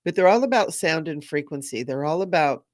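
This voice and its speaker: A woman's voice: low voice, expressive, brisk, darkish tone. A middle-aged woman hosting a spiritual live stream, bubbly and gushing, laughing often as she talks to viewers. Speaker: spiritual medium and livestream host.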